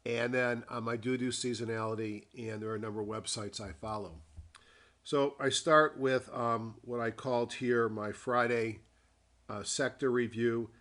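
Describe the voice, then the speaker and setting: A man dictating a weekly stock market review with a formal disclaimer, talking in an unhurried way and thinking aloud with frequent ums and pauses. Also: medium pitch, steady tone, a bit bright. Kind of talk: dictated screen-share market commentary.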